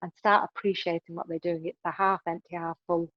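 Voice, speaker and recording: A woman's voice: on the low side, level tone, fairly quick, dry recording, muffled recording. A woman being interviewed on a podcast, giving relationship advice in an emphatic way and often adding "right?" to her points. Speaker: podcast guest.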